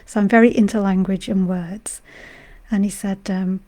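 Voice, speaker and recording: Soft whispery British woman, unwell. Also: medium pitch, fairly even intonation, moderate pace. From Britain. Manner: soft-spoken, gentle and rambling, with frequent fillers. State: unwell, voice going. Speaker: meditation guide. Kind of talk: casual spiritual talk on a live stream.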